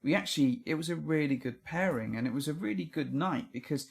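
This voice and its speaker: Guy cohost at home, earnest, rambles on, thinks out loud. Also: fairly high pitch, animated, a little fast, creaky. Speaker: podcast co-host. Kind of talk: casual chat. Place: home room. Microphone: podcast microphone.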